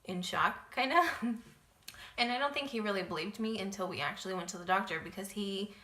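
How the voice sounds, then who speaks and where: A young woman chats through a story-time vlog with a bright, forceful voice. She talks casually and loosely, leaning on "like" and "um". The room is echoey around her. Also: medium pitch, fairly quick. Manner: chatty, lots of "like" and "um" fillers. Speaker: vlogger.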